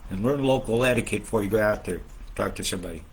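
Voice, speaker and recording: A man hosting a casual, rambling weather update, swearing often and swinging between loud outbursts and low muttering. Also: quick pace, slight background noise. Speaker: weather video host.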